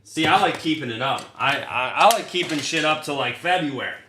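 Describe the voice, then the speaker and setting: A man's voice: a little high, expressive, fairly quick, noisy background. A man hosting a card break, chatting casually and swearing freely while he calls out the cards he pulls. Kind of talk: casual livestream chat while opening cards. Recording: roomy echo.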